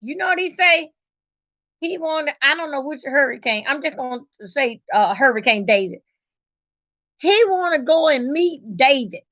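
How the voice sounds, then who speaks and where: A middle-aged woman telling family stories in a casual, animated, emphatic way, swearing freely. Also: sits high, moderate pace, no room sound. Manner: animated, emphatic, salty with cursing. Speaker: vlogger. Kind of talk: casual storytelling. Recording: dull lo-fi recording.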